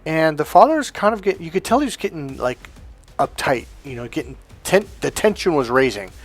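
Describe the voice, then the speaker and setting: A man's voice: fairly high pitch, big pitch swings, brisk, soft background music. A man and dating coach telling a casual anecdote in a rambling, profane way, with many restarts.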